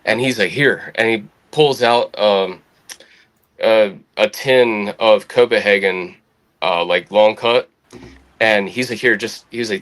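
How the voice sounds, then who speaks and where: A young adult man telling a military story as a podcast guest, casual, swearing freely, quoting others in livelier voices. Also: slow pace. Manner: lively anecdotal, swears freely, quotes others with rising pitch.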